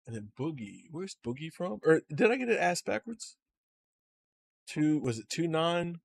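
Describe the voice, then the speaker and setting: A man's voice: fairly high pitch, sing-song, a little slow, creaky. A man casually talking to his chat during a stream, loose and profane, reading comments aloud.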